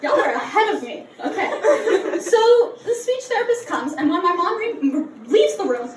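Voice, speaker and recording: A woman's voice: very high voice, big pitch swings, moderate pace, background noise. A young woman of about nineteen doing a live stand-up set in a bar, telling brash, profane, self-mocking stories. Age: young adult, about 19. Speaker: stand-up comedian. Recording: roomy, distant bar recording with loud ambience.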